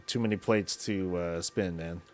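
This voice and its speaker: A man streaming a game, chatting casually in a loose, slangy, rambling way as he thinks out loud. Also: sits low, fairly even intonation, normal speed, faint music behind. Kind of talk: casual chat while gaming.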